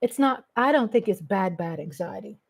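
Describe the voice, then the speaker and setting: A middle-aged woman from Texas with a Texan accent, hosting a casual livestream and gushing shout-outs to her viewers. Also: medium pitch, expressive, moderate pace. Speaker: livestream host.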